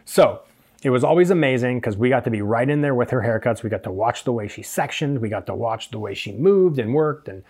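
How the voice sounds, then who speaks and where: A man's voice: medium pitch, expressive, brisk, a little mellow, slightly rough. A man hosting a solo podcast, a hairdresser telling stories from the salon and drifting into tangents with many fillers.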